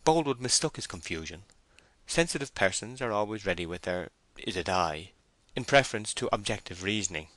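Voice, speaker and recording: A man narrating a classic novel as an audiobook, reading in a measured, even way. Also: on the low side, dry recording.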